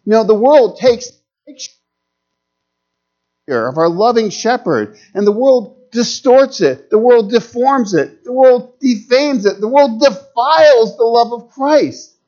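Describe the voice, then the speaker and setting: A middle-aged man preaches with a notably high voice, his delivery surging to urgent peaks before falling to near-whispered lows. The recording is dull and lo-fi, as if captured with muffled gear. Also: animated, a little slow. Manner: dramatic, rising to urgent peaks then dropping to hushed lows. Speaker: pastor. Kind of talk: sermon. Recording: dull lo-fi sound.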